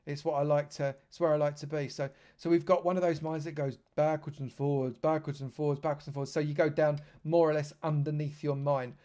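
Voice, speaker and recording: A man's voice: on the high side, level tone, fairly quick, hardly any pauses, dark tone. A man from London, giving chatty live commentary on a game stream and joking with dry sarcasm. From London, England.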